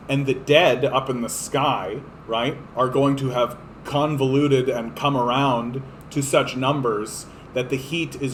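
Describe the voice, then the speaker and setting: A man's voice: medium pitch, a little hiss or hum, rough recording. Profane, ranting man. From Canada. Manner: impassioned, profane, repetitive. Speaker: livestream host. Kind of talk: ranting political livestream monologue.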